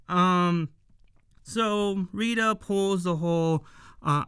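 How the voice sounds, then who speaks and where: A man with a slightly high, very clean and smooth voice walks viewers through an episode at an unhurried pace. His talk is casual and chatty, dotted with fillers and questions to the audience. The sound is dry and close, with no room around it. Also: fairly bright tone, no room sound. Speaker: show reviewer.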